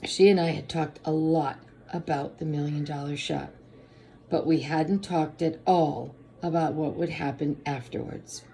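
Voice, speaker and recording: A woman reading a children's storybook aloud in a steady first-person narration. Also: deep voice, a little slow, vocal fry.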